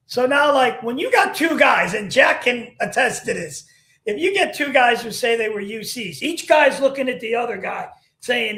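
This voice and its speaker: A man hosting a podcast and telling animated stories about his undercover work. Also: extremely high pitch, normal speed. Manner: animated storyteller. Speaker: podcast host, former undercover agent. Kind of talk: podcast conversation. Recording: echoey room.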